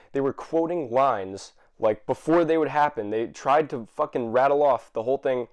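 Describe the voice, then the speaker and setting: A man ranting to camera, exasperated and swearing, with many fillers and restarts and sudden bursts of shouting. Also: mid-range voice, brisk. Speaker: vlogger. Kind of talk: angry rant to camera.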